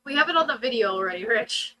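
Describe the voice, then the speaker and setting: Chatty middle-aged woman on a fish stream, bright higher voice, faint room noise behind. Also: lively intonation, fast talker, low-quality recording. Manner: chatty, giggly, thanks viewers by name. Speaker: livestream co-host. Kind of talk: casual livestream chat.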